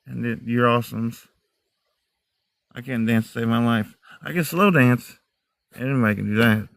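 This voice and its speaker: A man's voice: medium pitch, moderate pace, creaky, no room sound. A middle-aged man talks casually into his phone outdoors in the woods at night. His American accent blends Midwestern, Southern and Northern sounds. He chats straight to his viewers, and the recording is dry, close and plain. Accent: mixed American, Midwestern, Southern and Northern. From United States, raised in many states. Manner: chatty, talks straight to viewers, laughs a lot. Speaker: livestream host. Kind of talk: casual livestream chat.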